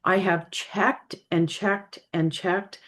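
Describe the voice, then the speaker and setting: A woman's voice: on the low side, fairly even intonation, a bit bright. A woman giving a spiritual reading in a casual, hesitant way, apologizing often, her voice tired and straining. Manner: hesitant, apologetic, halting with many fillers. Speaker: spiritual reader.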